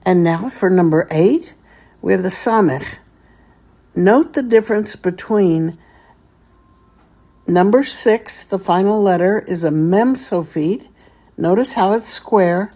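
This patient Hebrew teacher speaks in a low, mellow tone while leading an unhurried vocabulary session. Every word gets spelled out part by part and repeated for the learner to echo.

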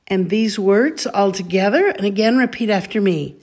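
A woman teaching a call-and-response recitation lesson, saying each word deliberately so listeners can repeat after her. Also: medium pitch, darkish tone, breathy edge. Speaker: Bible Hebrew teacher.

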